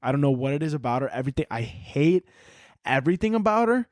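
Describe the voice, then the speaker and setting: A man's voice: fairly high pitch, quick pace, dry recording, clean studio sound. A man in his twenties hosting a solo podcast, ranting casually with lots of swearing. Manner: profane, animated, ranting. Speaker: podcast host.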